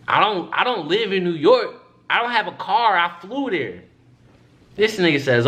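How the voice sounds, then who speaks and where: A man's voice: high voice, normal speed. A young man telling a story in a casual, profane way, acting out what other people said. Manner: animated, profane, acts out other people's lines.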